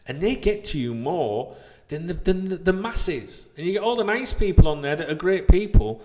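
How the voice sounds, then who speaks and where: A man in his 40s with a fairly high-pitched voice hosts a football channel, ranting to camera in a small white-walled room. His delivery is heated, sweary and rambling, and he keeps asking "you know what I mean".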